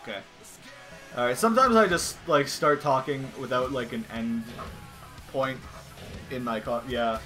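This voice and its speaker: A young man commenting casually while playing a video game at home, swearing and yelling at the screen. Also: medium pitch, measured pace, pauses often, soft background music. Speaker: gaming channel host. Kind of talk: casual let's-play commentary. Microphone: desk microphone.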